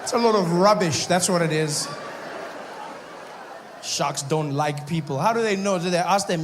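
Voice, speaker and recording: A man's voice: high-pitched, normal speed, pauses often, crowd noise, background noise. South African man telling a stand-up story. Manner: storytelling with acted-out voices and asides. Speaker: stand-up comedian. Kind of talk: stand-up comedy.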